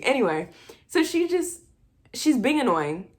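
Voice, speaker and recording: A woman casually retelling a film plot with animated, exasperated asides. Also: on the high side, unhurried. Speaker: movie recap vlogger. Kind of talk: casual movie recap.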